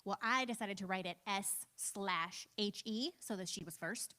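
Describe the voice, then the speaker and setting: This woman in her thirties has a medium-pitched, sharp-toned voice and a moderate pace. She delivers a laid-back church training talk, poking fun at herself and leaning heavily on "like" and "um".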